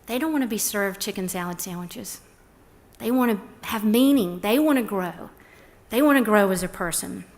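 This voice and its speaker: A middle-aged woman giving a prepared talk, telling stories and acting out the quoted lines. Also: on the high side. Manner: warm, storytelling, acts out quotes. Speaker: speaker on a respite care program.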